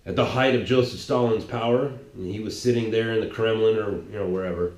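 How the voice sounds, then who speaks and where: A man's voice: fairly low pitch, steady tone, a little fast, darkish tone, roomy sound. A man giving a heated political monologue, rambling and restarting his sentences as he goes. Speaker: political commentator. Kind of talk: ranting monologue.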